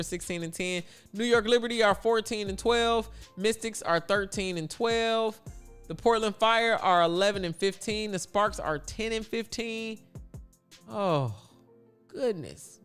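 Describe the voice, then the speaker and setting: A man hosting a casual sports talk livestream, chatty and blunt with animated asides. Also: high-pitched, smooth. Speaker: livestream host.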